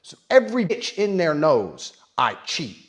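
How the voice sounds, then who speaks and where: Brash, ranting man with a lively voice. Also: a little high, a little slow. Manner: brash, profane, loud and taunting. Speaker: public personality. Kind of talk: boastful rant.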